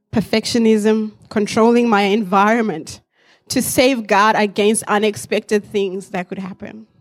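Addressing a church congregation, an African-raised woman in her forties gives a heartfelt testimony. She speaks at a medium pitch, thoughtful in tone, with occasional soft laughs.

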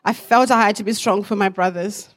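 A woman's voice: medium pitch, fairly even intonation, brisk. A woman in her forties, raised in Africa, giving an earnest personal testimony to a church congregation, reflective with light laughs.

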